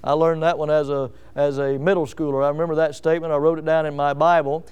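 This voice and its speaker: A man's voice: on the high side, flat delivery, fast talker, a little mellow, clean tone, highs cut off. A pastor preaching an emphatic sermon to his congregation, stressing key words and putting questions to the listeners.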